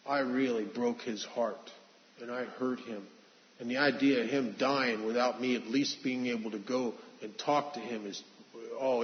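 A man earnestly sharing a confessional personal testimony, restarting phrases as he goes. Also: mid-range voice. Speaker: speaker sharing his recovery story. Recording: dull reverberant hall recording.

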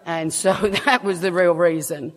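A woman's voice: fairly low pitch, fairly even intonation, measured pace. A woman with an English accent, frankly and self-mockingly telling her own story to a recovery meeting, laughing now and then between lines. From England. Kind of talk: personal story told to a meeting.

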